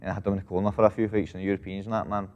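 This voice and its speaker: A man's voice: on the low side, flat delivery, racing, dull audio. A Scottish man in his thirties, a boxer chatting casually in an interview, swearing freely and tagging lines with "mate". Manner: swears freely, fills with "mate" and "know what I mean". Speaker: professional boxer, guest. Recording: long reverb.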